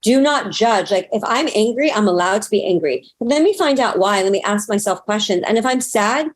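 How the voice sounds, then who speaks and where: A woman's voice: mid-range voice, animated, a little fast. A woman spiritual teacher talking frankly in a casual interview, swearing now and then and acting out her own self-talk. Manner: acts out inner self-talk in quoted asides. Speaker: spiritual teacher and astrologer guest.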